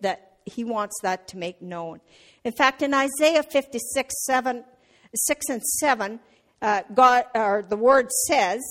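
Middle-aged woman preaching, slightly high voice, chatty delivery with fillers, gets loud in stories. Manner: conversational, with fillers and restarts; gets loud and animated telling a family story. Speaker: church speaker. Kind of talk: sermon.

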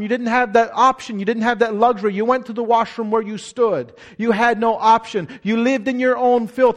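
A man with a very high-pitched voice preaches a fervent sermon. He repeats phrases for emphasis and swings between loud exclamations and quiet, drawn-down passages. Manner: passionate preaching, repeats phrases, rises and drops in volume. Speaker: pastor.

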